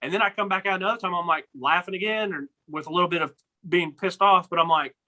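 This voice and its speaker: A man's voice: high-pitched, fast talker, sharp tone, rough recording. A young man co-hosting a casual sports podcast, rambling with many restarts and repeated words. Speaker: podcast co-host.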